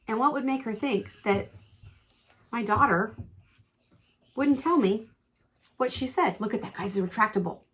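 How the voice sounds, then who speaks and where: A middle-aged woman chatting through a makeup tutorial, candid and quick to exclaim, telling a personal story as she works. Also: fairly high pitch, animated. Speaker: beauty vlogger.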